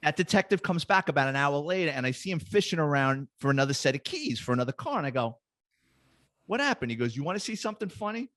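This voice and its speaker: A middle-aged man, a retired police detective, telling lively, profane anecdotes as a guest in a casual chat. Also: on the high side, quick pace, hardly any pauses, dry recording.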